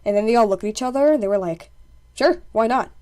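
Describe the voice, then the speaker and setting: A young woman narrating a casual story-time video in a chatty, animated way, full of jokey asides. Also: medium pitch, rapid-fire, dry recording.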